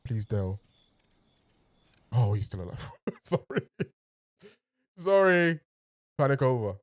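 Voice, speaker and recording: A man with a mellow, warm voice reacts to a TV episode for his channel, talking straight to his viewers. He is expressive, breaks into laughs and trails off mid-thought. The sound is dry and close. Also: fairly low pitch, measured pace, no echo. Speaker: TV reaction host. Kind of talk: emotional reaction commentary.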